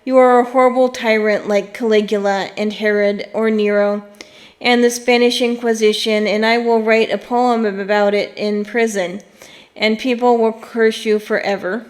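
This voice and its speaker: A woman's voice: fairly high pitch, fairly even intonation, normal speed, natural voice. A woman voicing a young boy from a storybook who stands up defiantly though trembling. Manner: defiant, insistent.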